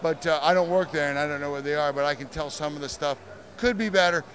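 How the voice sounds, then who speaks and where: A man's voice: on the high side, quick pace, fairly bright tone. A man from the southern United States, a wrestler guest talking in a laid-back, joking way.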